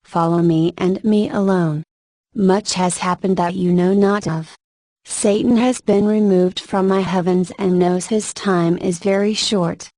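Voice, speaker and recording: A woman reading prophetic religious messages aloud in a slow, measured, even devotional manner. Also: lowish voice, dry recording.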